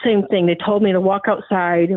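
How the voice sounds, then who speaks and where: The woman's voice sits at medium pitch with fairly even intonation and a moderate pace, and there's no echo, though the line is tinny like a phone. She is a guest earnestly relating a frightening ordeal of her own as emotional testimony. She keeps restarting and imitates the voices of those she quotes.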